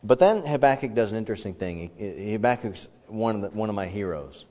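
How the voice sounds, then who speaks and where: A male preacher delivers a folksy sermon in a lively voice whose pitch swings widely. The recording is dull and muffled, with long reverb from the hall. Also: fairly quick.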